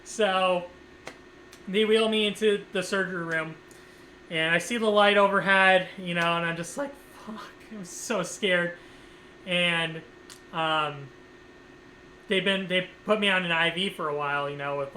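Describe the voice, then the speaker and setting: A man's voice: fairly high pitch, steady tone, a little slow, long pauses, pushed and bright, slight background noise, poor audio. A man vlogger telling a casual story time, rambling with lots of fillers and swearing freely.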